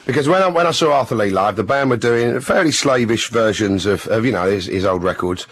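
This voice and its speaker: A man's voice: fairly low pitch, expressive, brisk, breathy edge. A man hosting a radio show, chatting casually with a dry, wry, self-deprecating humour. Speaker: radio host, DJ. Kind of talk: casual chat.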